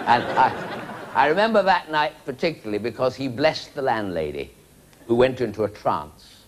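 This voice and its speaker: A man's voice: fairly low pitch, a little hiss or hum. A man telling a long rambling joke with chuckling asides. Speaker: comedian.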